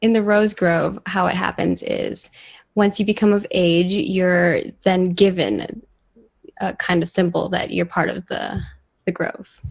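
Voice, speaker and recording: A woman's voice: on the low side, fairly even intonation, a little slow, gravelly. A woman player chatting casually about her character in a tabletop game, often giggling.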